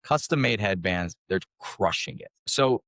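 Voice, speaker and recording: Man in his 40s, low voice, dry close sound, chatty interview guest, filler-heavy. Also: measured pace, no room sound. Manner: conversational, animated anecdotes, many fillers. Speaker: podcast guest. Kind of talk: casual interview talk.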